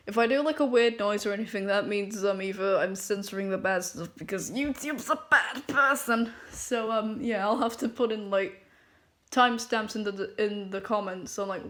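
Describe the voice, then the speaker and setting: A woman reading fanfiction aloud from her own recording, her voice at a middle pitch. She stumbles over words, restarts lines and breaks off into flustered, laughing asides. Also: fairly bright tone. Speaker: fanfiction reader.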